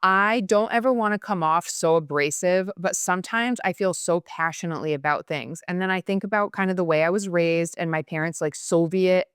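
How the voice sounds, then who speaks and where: A woman's voice: lowish voice, clean tone, dry recording, studio quality. A young woman hosting a podcast, chatting casually and passionately with lots of fillers. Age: young adult. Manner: chatty, passionate, fast-talking with many fillers. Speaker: podcast host. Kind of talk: casual chat.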